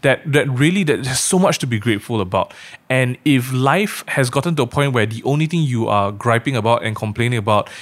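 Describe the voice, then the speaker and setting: A man's voice: mid-range voice, animated, a little fast. A man co-hosting a casual podcast, talking earnestly with many fillers and rhetorical questions. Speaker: podcast co-host.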